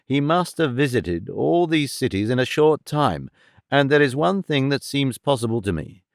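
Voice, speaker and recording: A man narrating an audiobook in a measured, even storytelling manner, recorded on a studio microphone. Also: medium pitch, gravelly, dry recording. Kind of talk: scripted narration.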